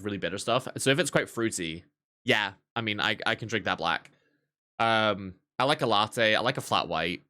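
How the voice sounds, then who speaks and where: A man streaming and chatting casually, a barista telling profane, animated stories about customers. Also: fairly low pitch. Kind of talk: casual livestream chat.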